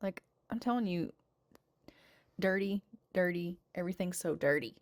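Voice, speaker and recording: A woman's voice: fairly low pitch, moderate pace. Chatty woman narrating a life-sim game. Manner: chatty, narrates and coos at her game characters. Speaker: gaming channel host. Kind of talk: casual gameplay voice-over. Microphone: home voice-over mic.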